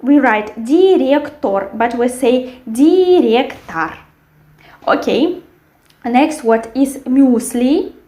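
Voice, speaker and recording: A woman teaching a language lesson, carefully repeating words slowly for learners. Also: a little high, darkish tone. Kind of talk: language lesson with word drills. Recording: echoey room.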